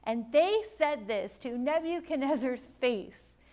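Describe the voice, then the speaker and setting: Woman preaching, high voice, slow and dramatic, goes loud then hushed. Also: expressive. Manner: emphatic, dramatic swings between loud and hushed. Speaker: Bible teacher. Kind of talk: sermon.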